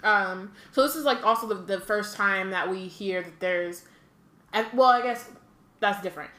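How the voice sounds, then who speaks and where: A woman's voice: medium pitch, normal speed, bright, forceful tone. A woman co-hosting a podcast, chatting casually in a rambling way with many fillers. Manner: rambling, full of "like" and "um". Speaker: podcast co-host. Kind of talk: casual chat. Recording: roomy echo.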